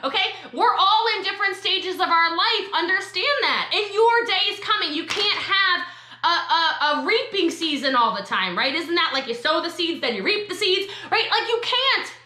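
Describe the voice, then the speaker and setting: Woman, high and bright voice, sassy motivational trainer, echoey room. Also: expressive. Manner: sassy, emphatic, quick asides. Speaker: network marketing trainer.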